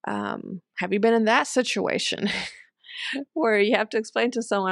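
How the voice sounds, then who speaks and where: A woman's voice: a little high, moderate pace, vocal fry, dry recording, clean studio sound. A middle-aged woman casually talking through an online post as the host of a homeschool channel, thoughtful and chatty, with frequent ums and small laughs. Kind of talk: casual commentary reading and discussing an online post.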